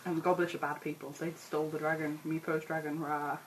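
A woman's voice: low voice, flat delivery, quick pace, a little hiss or hum, rough recording. A woman playing a tabletop game in a playful, giggly way. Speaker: player. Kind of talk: casual tabletop play.

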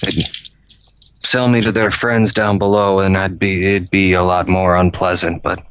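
A man's voice: sits low, level tone, normal speed, noisy background, natural voice. A man voicing a rambling drunk who was beaten and held captive, stammering and repeating himself. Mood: rattled, rambling. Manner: stammering, trailing off, repeating words. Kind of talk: tabletop role-play voice.

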